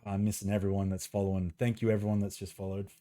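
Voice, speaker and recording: A man live-streaming a game, chatting casually with viewers, greeting them by name and laughing and swearing easily. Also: racing. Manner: chatty, greets viewers by name, bursts of excited rising pitch.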